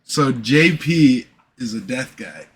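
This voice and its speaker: A man's voice: mid-range voice, animated, slow, husky. A young man in casual podcast chat, swearing a lot and telling workplace stories with imitations of coworkers. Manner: profane, storytelling with loud impressions of coworkers. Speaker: podcast co-host.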